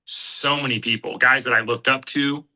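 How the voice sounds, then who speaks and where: Earnest man with a very bright, sharp voice. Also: mid-range voice, steady tone, poor audio. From Kansas City, USA. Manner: earnest, heartfelt storytelling with halting restarts. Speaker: podcast guest, bare-knuckle fighter. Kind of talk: personal testimony in casual conversation.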